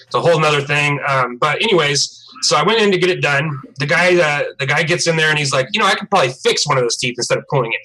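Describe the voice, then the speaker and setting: Bright, animated man telling a story. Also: a little high, quick pace, few pauses, low-quality recording. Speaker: livestream co-host. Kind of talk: casual live-stream chat.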